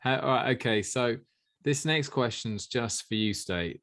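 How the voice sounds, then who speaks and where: A man co-hosting a podcast, reading listener questions and chatting wryly. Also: on the low side. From southern England. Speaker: podcast co-host.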